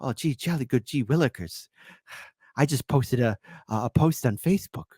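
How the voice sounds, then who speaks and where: A man's voice: medium pitch, darkish tone, slightly rough, dry recording, clean studio sound, close to an everyday voice. A man putting on a flustered old Briton. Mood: panicky. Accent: mock British. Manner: over-the-top, deliberately bad impression. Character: flustered old British man jailed for posting.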